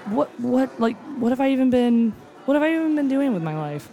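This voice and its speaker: A cook gushing about a tasting menu in casual chat, excitable and close to tears, with many fillers and some swearing. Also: high-pitched, fairly quick, faint music behind. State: moved nearly to tears.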